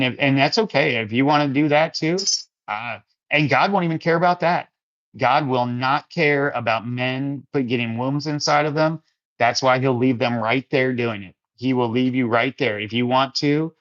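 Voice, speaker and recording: Male faith-chat host, mid-pitched, loose rambling delivery, dull lo-fi sound. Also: fairly bright tone. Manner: rambling, casual, calls listeners "my friend" and "brother". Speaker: Christian livestream host. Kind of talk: casual live chat answering comments.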